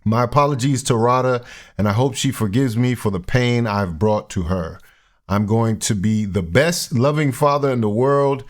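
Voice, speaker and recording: A man putting on another man's accent to read a public apology aloud, slow and mock-formal. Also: mid-range voice, natural voice. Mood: mock-solemn.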